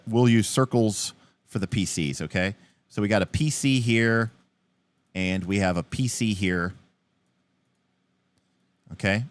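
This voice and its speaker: A man hosting a livestream, explaining game rules in a rambling, animated way and swearing casually. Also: deep voice. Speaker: host.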